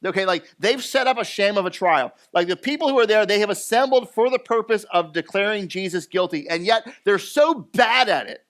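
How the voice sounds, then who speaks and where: A male pastor from the US East Coast, telling a story in his sermon in a chatty, animated way with many fillers and restarts. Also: high-pitched, a little fast, few pauses. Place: church.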